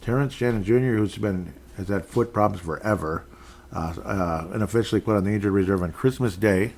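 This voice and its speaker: A man's voice: on the low side, a little fast, a little mellow, slight background noise. A man hosting a solo sports podcast, rambling casually with jokey, self-deprecating asides. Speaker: podcast host.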